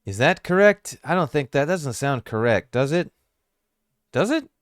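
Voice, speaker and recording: Guy doing a reaction vid, chill and wry, smooth clean voice, real dry close mic. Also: mid-range voice, expressive, normal speed, no room sound. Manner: casual, musing and wry, thinking aloud. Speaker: YouTube commentator. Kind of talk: reaction commentary.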